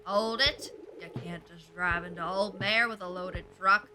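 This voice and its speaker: A woman's voice: fairly low pitch, fairly even intonation, a little slow, pitched below the performer's own voice, close to an everyday voice. A woman voicing a stern female road inspector who stops trucks in a video game, speaking in short, commanding orders. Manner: curt, commanding. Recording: game music playing behind.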